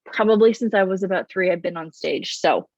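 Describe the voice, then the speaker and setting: A woman coaching straight to camera in an easy, chatty way. She is loud and quick with bouncy energy. The sound is dry and a bit dull and lo-fi. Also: lowish voice, dry recording. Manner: loud, fast, animated talker who talks with her hands. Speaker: business coach. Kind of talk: casual to-camera advice.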